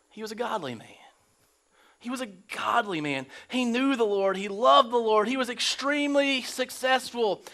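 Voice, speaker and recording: A man's voice: high voice, bright, forceful tone. A man preaching a casual, joking sermon in church, slipping into slangy quoted voices. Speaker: pastor. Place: church sanctuary.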